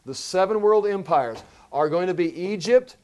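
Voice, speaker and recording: A man's voice: high voice, animated, moderate pace, a little mellow. A man teaching a Bible study sermon, emphatic, repeating key phrases and often restarting mid-sentence.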